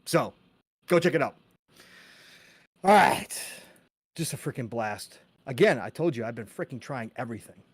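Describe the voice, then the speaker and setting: A man hosting a casual gaming podcast live stream, talking excitedly and reading out chat names with quick greetings and casual swearing. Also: mid-range voice, husky, no echo, studio quality. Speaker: podcast host.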